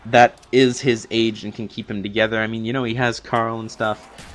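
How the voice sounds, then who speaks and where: A man's voice: on the low side, level tone, normal speed, faint music behind. A young man recapping a TV episode in a long, rambling unscripted review, full of fillers and restarts. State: a little out of breath from long talking.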